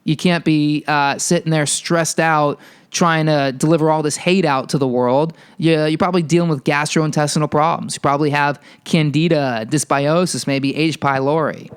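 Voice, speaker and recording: A male podcast host delivering a heated, profane ranting monologue, telling a story with animated energy. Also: a little high, moderate pace, clear, resonant tone.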